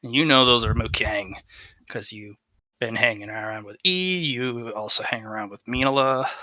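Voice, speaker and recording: A man's voice: medium pitch, moderate pace, sharp tone, no echo, highs cut off. A man narrating as game master of a tabletop game, laughing, swearing and throwing in dramatic asides.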